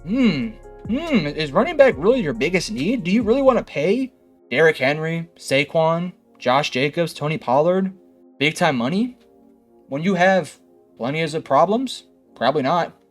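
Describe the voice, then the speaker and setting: A man's voice: a little high, big pitch swings, moderate pace, soft background music. A young man hosting a sports analysis video, talking in a sarcastic, heated way and firing rhetorical questions at fans. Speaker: sports commentary host. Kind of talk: opinionated sports analysis monologue.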